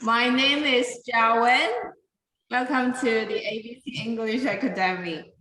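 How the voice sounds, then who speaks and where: Woman, English teacher, slow pace, patient, calls on students, echoey room. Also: on the high side, fairly even intonation, bright, forceful tone, a little hiss or hum. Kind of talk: teaching a pronunciation class.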